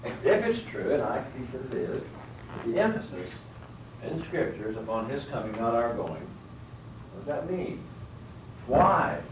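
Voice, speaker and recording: A man teaching a Bible lecture at a middle pitch, working through points by rephrasing and asking his class questions. He sits some distance from the mic in a roomy space, with a faint hiss of background noise. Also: sing-song, a little slow, long pauses. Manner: explains step by step, rephrases, asks the class questions.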